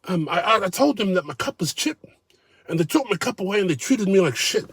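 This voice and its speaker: A man's voice: high voice, expressive, fairly quick, fairly bright tone, breathy edge, no room sound, clean studio sound, voice pushed up, exaggerated voice. A man putting on the voice of a petulant adult man whining about how he was treated at dinner.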